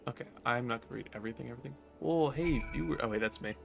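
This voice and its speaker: Gravelly-voiced man streaming a game. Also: medium pitch, racing, music in the background. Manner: self-deprecating, rambling asides. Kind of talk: casual commentary while playing.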